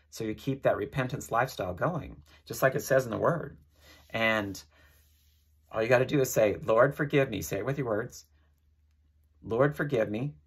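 Male preacher, low husky voice, earnest, repetitive prayer-leading delivery. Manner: earnest, leads listeners in prayer, repeats phrases. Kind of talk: informal sermon.

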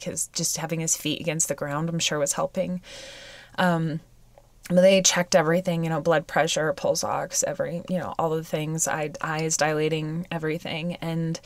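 A woman with a fairly low voice speaks close to the mic in a dry, dead room. She tells a personal story in a halting, emotional way and often stops to restart her sentences. She sounds weepy. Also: no room sound. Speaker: podcast host.

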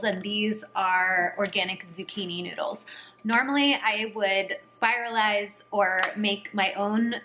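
A woman's voice: mid-range voice, a bit bright, a little hiss or hum. A young woman vlogger talking casually through her cooking at home in a kitchen, chatty and upbeat with frequent "like"s. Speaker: wellness vlogger. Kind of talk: casual cooking vlog narration.

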